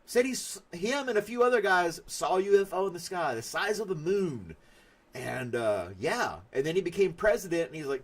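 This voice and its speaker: A man hosting a casual live stream, chatting loosely and reading viewer comments as he rambles. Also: mid-range voice. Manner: rambling, chatty, laughs at his own stories.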